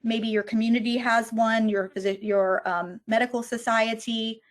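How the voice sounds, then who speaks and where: A woman's voice: fairly high pitch, fairly even intonation, normal speed. A woman giving an online lecture on physician well-being, explaining step by step how to approach a struggling colleague. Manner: explanatory, models conversations step by step.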